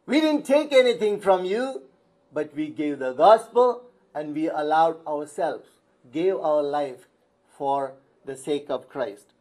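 Older male pastor, high-pitched, emphatic sermon delivery with rhetorical questions. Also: expressive, slow pace, a little mellow.

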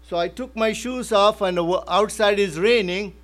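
High-voiced man preaching a sermon. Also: normal speed. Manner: emphatic, repeats key phrases. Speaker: pastor.

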